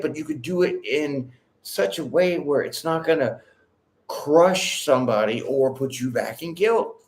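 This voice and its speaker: A man giving a casual livestream tarot reading, talking in a direct, bold and slangy way and laughing often. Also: on the high side. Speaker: tarot reader.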